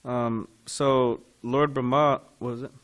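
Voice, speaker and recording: A man's voice: mid-range voice, fairly even intonation, takes it slowly. A man teaching a devotional scripture class in a temple, talking in a loose conversational way and putting questions to his listeners.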